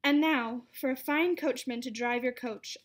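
A woman voicing a gentle fairy godmother. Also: sits high, unhurried. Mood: cheerful. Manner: calm, instructive, gently commanding.

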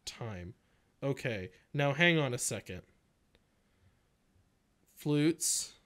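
Lively, joking man co-hosting a game playthrough. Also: mid-range voice, extremely slow. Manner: joking, excitable, directs the player. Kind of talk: casual gameplay banter.

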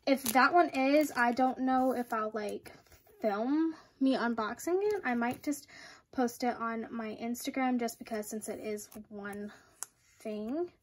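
A young woman unboxing collectibles in a casual vlog, excitable and gushing, often giggling. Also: on the high side, a little slow. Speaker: vlogger.

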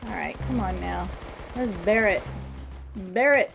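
A woman streamer chatting casually through a game, excitable and talkative with bursts of exclamations. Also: medium pitch, a little slow. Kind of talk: casual gameplay commentary. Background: clear music and game gunfire.

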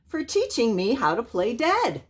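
A woman's voice: on the high side, wildly swooping pitch, unhurried, husky, pitched above the performer's own voice, heavily acted. A woman voicing a small, cheerful young male possum in a storybook reading. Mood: eager. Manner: eager, gleeful.

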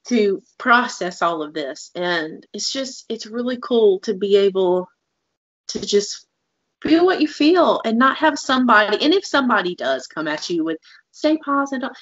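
A woman co-hosts a casual podcast, talking earnestly and working through examples with plenty of "like"s. Her voice sits at a middle pitch. The recording sounds slightly dull. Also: a bit bright, no echo. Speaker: podcast co-host.

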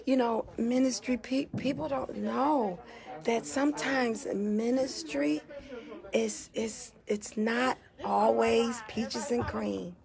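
A woman's voice: a little high, fairly even intonation, takes it slowly, creaky, a crowd in the background. A middle-aged woman on a phone livestream, emotionally thanking viewers by name in a casual, gushing way. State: teary. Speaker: gospel singer on a livestream.

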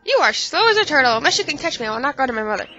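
Bratty baby dolphin with a high, sing-song taunt, as a woman puts it on; muffled game audio. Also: sing-song, rapid-fire, pushed and bright, a little hiss or hum, full character voice.

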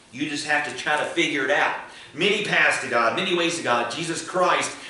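A man's voice: on the high side, pushed and bright. A man preaching a sermon as pastor, building emphasis and leading prayer. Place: church sanctuary. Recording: echoey church hall, mic at a distance.

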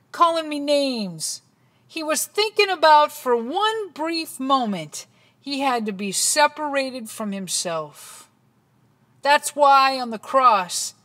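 A woman preaching a dramatic sermon that swings between hushed passages and loud ones. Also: high voice.

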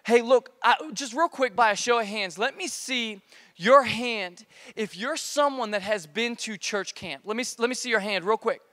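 Man, high voice, playful energetic youth pastor, slangy jokes, echoing church hall. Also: normal speed. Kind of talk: casual youth sermon. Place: church auditorium, live service. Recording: long reverb of a church hall.

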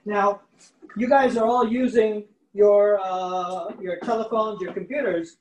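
A man's voice: sits high, measured pace, a little mellow, slight background noise. A man giving a chatty virtual history lesson, laughing often and quizzing his audience. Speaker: museum program presenter. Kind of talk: lively virtual lesson for kids and families. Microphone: video call.

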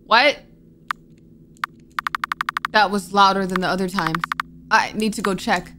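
A woman's voice: medium pitch, steady tone, measured pace, background noise. A woman streaming a horror game, gasping and talking anxiously to herself as she plays. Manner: jumpy, gasping, anxious self-talk. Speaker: gaming streamer. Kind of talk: horror game let's play commentary.

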